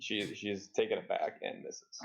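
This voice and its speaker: A man's voice: on the low side, unhurried, vocal fry, dull audio. A man running a tabletop game as dungeon master, narrating the action, explaining rules and laughing along with the players. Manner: animated, laughs often, acts out enemy lines.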